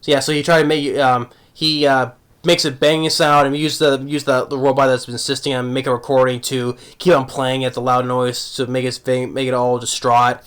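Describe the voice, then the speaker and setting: A man giving a casual, rambling anime review, full of restarts, his voice jumping up when excited and trailing off low at the ends of thoughts. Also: normal speed, smooth.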